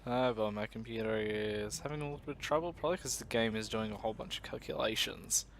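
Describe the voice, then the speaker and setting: A man's voice: lowish voice, quick pace, a little hiss or hum. A young man chatting casually as he plays a survival game, rambling and joking at himself while talking to his viewers. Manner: rambling, self-mocking, talks to viewers. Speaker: gaming video host. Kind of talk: casual gameplay commentary.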